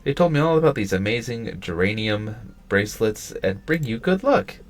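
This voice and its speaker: A man reading aloud in a high, shrill voice as a gullible, excitable schoolgirl who whines and protests. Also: moderate pace, lightly acted. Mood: indignant.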